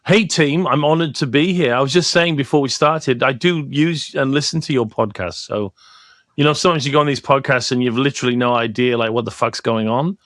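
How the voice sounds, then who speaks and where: A man's voice: mid-range voice, a little fast, a bit bright, dry recording, studio quality. A man in his fifties from the United Kingdom, a marketing professor guest talking casually, joking and swearing freely. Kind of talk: casual podcast interview.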